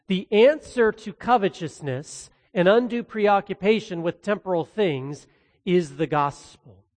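A man's voice: high-pitched, unhurried, a little mellow, big-room sound. A man, a pastor, preaching an expository sermon in an earnest way, mixing in casual asides.

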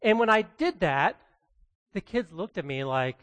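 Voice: medium pitch, big pitch swings, a little slow, fairly bright tone, long reverb tail. A pastor giving a sermon and reading scripture, earnest and conversational, leaning hard on key phrases.

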